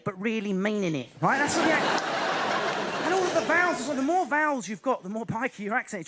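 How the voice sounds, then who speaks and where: A young man with an Essex accent doing a fast, restless stand-up set on a stage. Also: very high-pitched. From Essex, England. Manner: fast, restless, animated delivery with sudden put-on voices. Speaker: stand-up comedian. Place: theatre stage before a live audience.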